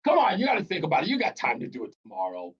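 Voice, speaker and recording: A middle-aged male talk radio host with a high voice, bantering with callers and laughing often. The broadcast sound is dull and muffled. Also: wildly swooping pitch, rapid-fire, fairly bright tone, slightly rough. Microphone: studio broadcast mic.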